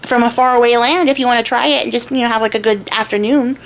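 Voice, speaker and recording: A woman's voice: on the high side, steady tone, fast, a little hiss or hum, natural voice, low-quality recording. A woman voicing a young male archer, a crybaby who talks in a whiny, hesitant way. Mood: friendly.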